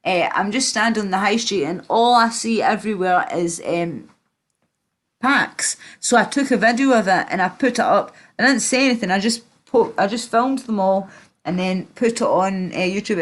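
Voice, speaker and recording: A Northern Irish woman talks loosely on a livestream in a mid-pitched voice. She rambles, swears freely and leans on "like" and "you know", often restarting her sentences. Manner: rambling, swearing, full of fillers. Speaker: stream host. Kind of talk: casual livestream chat.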